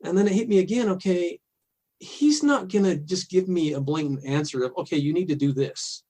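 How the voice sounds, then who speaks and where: A middle-aged man, a podcast guest, telling a candid personal story in a halting, earnest way with soft laughs. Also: sits high.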